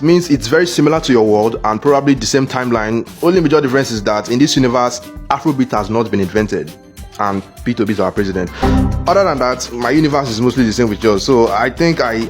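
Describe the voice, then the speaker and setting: A man narrating a comedic cartoon story in first person, telling it in an animated, exaggerated, jokey way. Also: mid-range voice. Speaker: narrator voicing the lead character.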